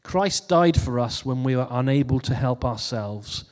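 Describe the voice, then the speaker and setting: Man, preacher, casual sermon, chatty and relaxed, mid pitch, long reverb. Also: measured pace. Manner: relaxed, chatty, laughs at his own jokes. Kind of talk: casual New Year sermon.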